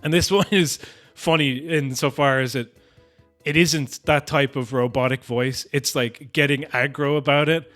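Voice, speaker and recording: A man hosting a podcast in casual chat, animated and sweary, with a mocking edge. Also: medium pitch, moderate pace, faint music behind. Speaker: podcast host.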